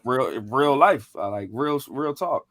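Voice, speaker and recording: A man's voice: mid-range voice, animated, takes it slowly, fairly bright tone, dry recording, clean studio sound. A young man in casual chat, telling a rambling, slangy story with lots of fillers and restarts. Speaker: podcast co-host.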